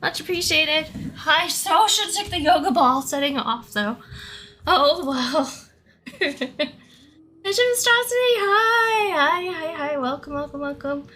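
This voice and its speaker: A woman's voice: high-pitched, lively intonation, slow, sharp tone. A young woman chatting casually on a live stream, giggling often and thanking her viewers one by one. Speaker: livestreamer.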